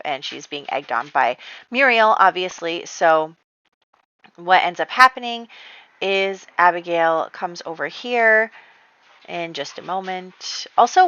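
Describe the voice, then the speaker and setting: A chatty woman rambles through a life-simulation gameplay session, laughing often as she recounts what happens. Her voice is low-pitched but bright. The recording is dry and a little dull, as from a home setup. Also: no echo. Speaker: gaming YouTuber. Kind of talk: casual gameplay commentary.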